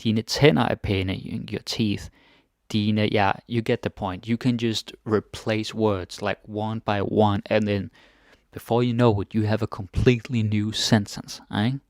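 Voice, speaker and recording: Guy teaching a chill language lesson, kinda low gravelly voice, repeats everything, says "right?" a lot. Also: measured pace, no room sound, clean studio sound. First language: Danish. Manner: relaxed, repeats words, asks "right?" often.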